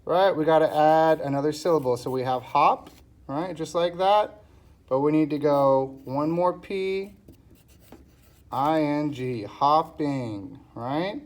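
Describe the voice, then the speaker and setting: A man teaching a recorded reading lesson to young students, speaking patiently and checking in often. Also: a little high. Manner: slow, patient, checks in with frequent "okay?". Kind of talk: recorded classroom lesson, reading a storybook aloud.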